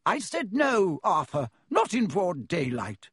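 A man putting on a brisk, fussing wizard mum. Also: high-pitched, huge pitch swings, a bit bright, husky, no echo, clean studio sound, voice pushed up, exaggerated voice. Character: bustling, nervous wizard mother.

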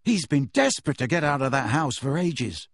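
A man reading aloud and voicing a worried teenage wizard boy who speaks in an uneasy, hushed way. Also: medium pitch, very animated, normal speed, vocal fry, no echo.

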